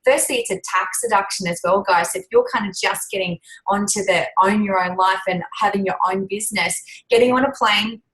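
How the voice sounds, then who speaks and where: A woman sharing her experience on a team call. Her delivery is chatty and earnest, and she keeps gently persuading the listeners. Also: medium pitch, a little fast, low-quality recording. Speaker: team member. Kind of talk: motivational testimony.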